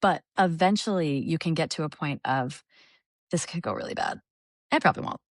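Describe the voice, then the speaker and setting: An earnest middle-aged woman speaks as a podcast guest, stressing her points with conviction. Her voice sits somewhat low. The sound is dry and close. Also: animated, brisk, dry recording. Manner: earnest, emphatic, warm agreement. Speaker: podcast guest, former ICU nurse. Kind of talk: casual interview chat.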